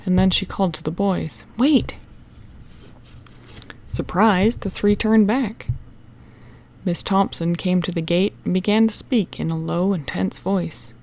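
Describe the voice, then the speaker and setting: A woman narrating a children's mystery audiobook in a steady, expressive reading. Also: on the low side, unhurried.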